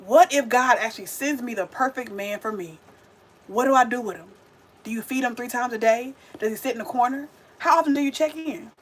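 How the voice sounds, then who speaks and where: A young woman hosting a vegan cooking livestream chats casually while she cooks, talking straight to her viewers in a sassy, chatty way. Her voice is on the high side and a little fast.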